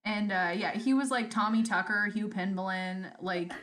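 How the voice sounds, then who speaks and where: Giggly woman co-host, chatty fan podcast, reverberant room, mid-pitched voice. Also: moderate pace, a bit bright, a little hiss or hum. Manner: giggly, frequent laughter. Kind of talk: casual fan podcast chat.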